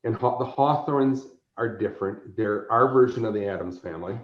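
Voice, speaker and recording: Interviewed on a casual podcast about organizing conventions, a man tells lively stories and acts out the characters in them. His voice is on the low side at a normal speed, and the recording is roomy and slightly dull.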